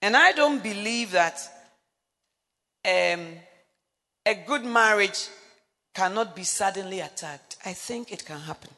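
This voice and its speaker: Lively woman preaching in a reverberant hall. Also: medium pitch, measured pace, long pauses. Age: middle-aged. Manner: animated storytelling, acts out dialogue, breaks into laughs. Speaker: preacher speaking on marriage. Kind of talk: sermon.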